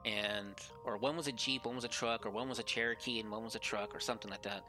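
A man's voice: lowish voice, fairly even intonation, fast talker, music in the background. A man telling a spooky story on a podcast over a voice call, rambling and filling his talk with "like". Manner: rambling, heavy use of "like". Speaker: podcast guest. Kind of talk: casual storytelling. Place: remote call over Discord.

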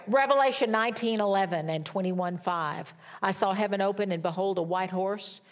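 A woman's voice: mid-range voice, normal speed. A middle-aged woman preaching a sermon, telling a personal story in a candid, self-mocking way. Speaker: pastor.

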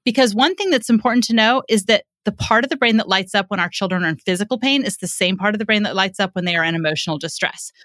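A woman's voice: medium pitch, quick pace, hardly any pauses, a bit bright, no echo, studio quality. A middle-aged woman, a psychotherapist, telling a parenting story in earnest, acting out what parent and child say. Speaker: psychotherapist and parenting author, podcast guest. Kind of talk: conversational storytelling, explaining.

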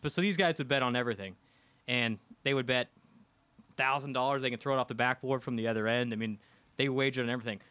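Animated Midwestern man telling a story. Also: medium pitch, smooth, no room sound. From American Midwest. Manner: animated, acts out quotes from the people in his story. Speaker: guest storyteller. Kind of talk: casual anecdote telling on a podcast.

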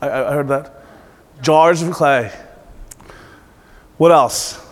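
Energetic male preacher in a reverberant hall. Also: a little high, slow. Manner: calls for answers from the room, repeats them back with emphasis. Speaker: pastor. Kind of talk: interactive sermon.

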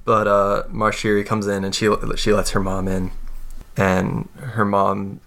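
Male game master, gravelly voice, laid-back narration, lots of fillers. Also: on the low side, flat delivery, a little slow, fairly bright tone. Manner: casual, filler-heavy narration.

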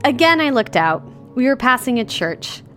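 A woman's voice: a little high, big pitch swings, normal speed, a bit bright, soft background music. A woman reading a classic novel aloud on a podcast, breaking off for jokey, self-mocking asides. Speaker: podcast co-host.

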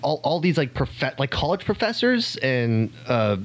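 A man's voice: mid-range voice, sing-song, measured pace, slight background noise. A young man who does local stand-up, guesting on a casual podcast, joking and self-deprecating with lots of fillers and swearing. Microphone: studio mic on stand.

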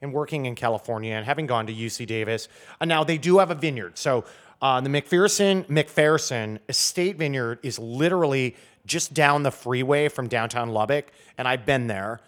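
At normal speed, a man with a mid-range, slightly bright voice tells stories as a guest wine expert in a casual podcast chat. His delivery rambles, with lots of fillers and restarts.

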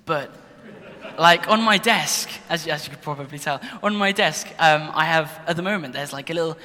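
A man's voice: fairly high pitch, moderate pace, bright, forceful tone, long reverb tail. A young man candidly telling his personal Christian testimony at his desk in a casual, earnest way, sometimes restarting sentences. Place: desk in his own room.

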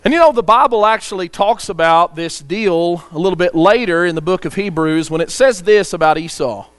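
A man's voice: high-pitched, a little fast. A man preaching a sermon, earnest, reading scripture aloud and telling a story to the congregation.

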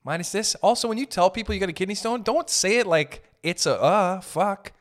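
A young man telling comic stories in a loose, profane rant, riffing with quick asides. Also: high voice. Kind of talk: comedic storytelling rant.

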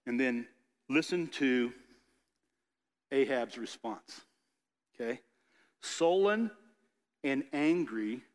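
A man preaching, moving from steady scripture reading into loose, chatty storytelling, dropping into quick voiced asides. His voice sits a bit high for a man. The sound hangs in a long, echoing hall. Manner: reads scripture then retells it in casual voices. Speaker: pastor.

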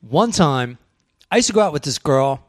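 A man's voice: on the high side, very animated, moderate pace, dry recording, clean studio sound. A man chatting casually as a podcast guest, joking and riffing on movie trivia.

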